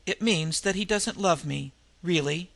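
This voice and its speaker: A man's voice: high-pitched, measured pace, vocal fry, a bit bright, no echo, heavily acted. A man voicing a young woman who speaks earnestly and steadily through her sadness. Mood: wistful. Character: Ruth, young woman, sad yet steady.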